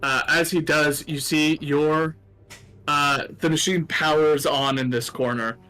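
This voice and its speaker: A man's voice: on the high side, steady tone, measured pace, pushed and bright, faint music behind. A man narrating a tabletop game as game master, rambling, with many fillers.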